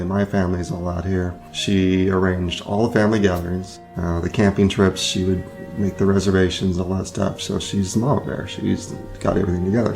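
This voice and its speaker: Very deep, flat, gravelly man. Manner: halting, repeats words, fillers. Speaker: interviewee, husband. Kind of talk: casual interview.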